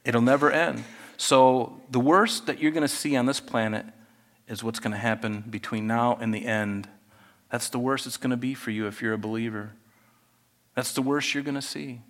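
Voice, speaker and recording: A man's voice: medium pitch, steady tone, moderate pace. A middle-aged male pastor preaching a conversational sermon, often asking the congregation questions.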